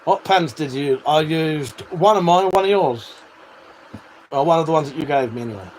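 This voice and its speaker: Answering viewers on his livestream, a UK man chats casually, laughing a lot and swearing without restraint. His voice sits on the high side with lively intonation and normal speed, and a fan hums faintly in the background.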